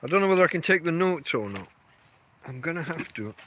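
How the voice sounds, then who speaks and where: A man's voice: a little high, expressive, fast talker, fairly bright tone, slight background noise. An English man hosting a casual live stream while walking his dog outside at night, rambling and chatting to his dog between thoughts. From England. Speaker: podcast host.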